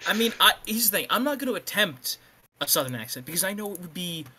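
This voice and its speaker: A man's voice: high voice, big pitch swings, quick pace, pushed and bright, slightly rough. A man co-hosting with wry, rambling comments in casual banter. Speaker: co-host.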